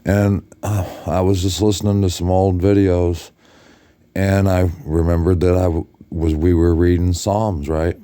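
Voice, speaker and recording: A man's voice: low voice, level tone, unhurried, warm tone, smooth, no room sound, studio quality. An exhausted man lying in bed in a hotel room, talking casually to his followers late at night and rambling through restarts and self-corrections. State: exhausted and drained. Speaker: video blogger addressing his followers.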